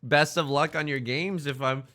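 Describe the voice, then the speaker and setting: A man's voice: a little high, steady tone, moderate pace, sharp tone. A man chatting casually on a live stream, greeting viewers and talking while he eats. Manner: upbeat, greets chatters, talks while eating.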